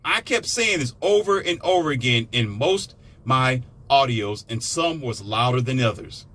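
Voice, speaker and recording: Ranting man with sarcastic swings. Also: a little slow. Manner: animated, sarcastic, swings into mocking high-pitched impressions. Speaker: commentator. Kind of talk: ranting monologue.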